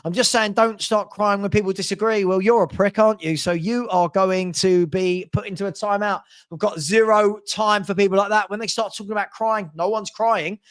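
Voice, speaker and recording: Blunt, fast-talking man hosting a live Q&A. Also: high-pitched, steady tone. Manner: blunt, opinionated, stumbles and repeats himself. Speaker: host answering viewer questions. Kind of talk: live-stream Q&A chat.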